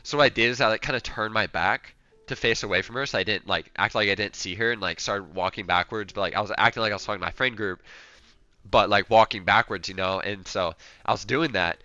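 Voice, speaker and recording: A man's voice: lowish voice, fast, dry recording, highs cut off. A young man telling a story in a loose, rambling way, acting out what people said. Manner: rambling, animated, acts out quotes. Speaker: streamer. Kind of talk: casual storytelling.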